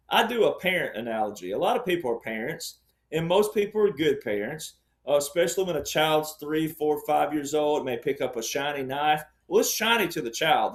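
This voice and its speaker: A man with a somewhat raised voice, laying out an argument as a panel guest. He lectures and repeats phrases for emphasis. The sound carries a roomy echo. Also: a little high. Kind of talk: emphatic panel-show explanation.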